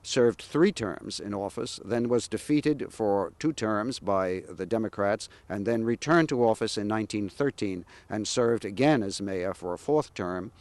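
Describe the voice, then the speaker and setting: A man sharing historical anecdotes about local politicians in a measured, pausing way. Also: lowish voice, darkish tone, no echo. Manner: measured, anecdotal with frequent "uh" pauses. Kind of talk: historical storytelling.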